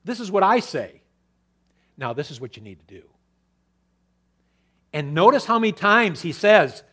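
A fairly high-voiced man preaching a verse-by-verse sermon. He starts lines haltingly with fillers and restarts, then builds to loud, emphatic declarations before dropping off to soft asides. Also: sing-song, breathy edge. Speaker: pastor. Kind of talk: expository sermon.

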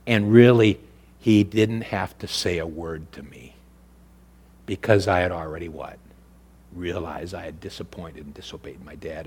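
A male pastor preaching a sermon, swinging between loud, raised preaching and quiet, low, intimate speech.

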